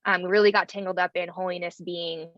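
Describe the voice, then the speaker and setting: Speaking a little fast with a flat delivery, this fairly low-voiced woman is a pastor and theologian in her thirties from rural North Idaho. As an interview guest she chats casually, using many fillers and "like." The audio is dull.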